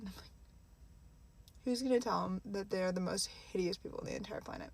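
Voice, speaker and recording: Gravelly-voiced woman ranting sarcastically. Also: mid-range voice, normal speed, a little mellow. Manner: sarcastic, blunt ranting with many fillers. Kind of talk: casual vlog rant.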